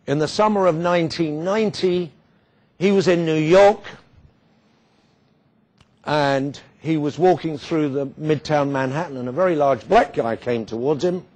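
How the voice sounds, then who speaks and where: Husky man in his sixties. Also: fairly high pitch, darkish tone. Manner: wry, dramatic pauses and emphasis. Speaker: guest speaker. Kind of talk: storytelling speech.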